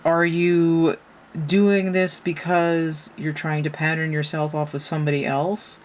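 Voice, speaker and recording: A tarot reader with a low, level voice speaks a little slowly as she gives a casual reading. She is frank and a bit profane, swearing as she fires rhetorical question after question at her listeners.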